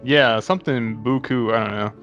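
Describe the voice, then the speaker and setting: A man co-hosting a casual movie podcast, talking rapidly with lots of filler words and casual swearing. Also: medium pitch, a bit bright, lo-fi sound, faint music behind. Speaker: podcast co-host. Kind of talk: casual movie chat over beers.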